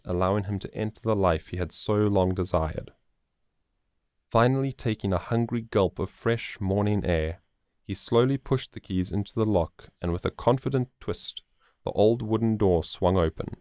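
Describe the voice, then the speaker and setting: A man reading a short story aloud as an audiobook narrator, measured and even. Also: sits low, dry recording, studio quality.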